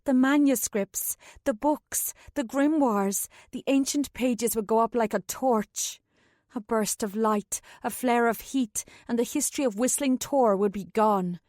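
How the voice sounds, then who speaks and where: A woman's voice: fairly high pitch, a little slow, a little mellow, dry recording. A woman narrating a first-person fantasy audiobook in a tense, urgent way, close to a studio mic.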